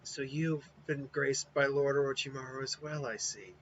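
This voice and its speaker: A man voicing a frail, calm young male ninja who speaks quietly, slowly and reverently, on a dull, lo-fi recording. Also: medium pitch, lightly acted. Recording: dull lo-fi with faint hiss.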